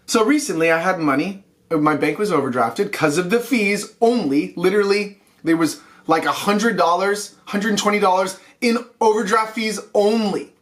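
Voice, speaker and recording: A man's voice: high voice, moderate pace, a bit bright. A young adult man hosting a weekly online news show, ranting in a heated, casual way straight to camera.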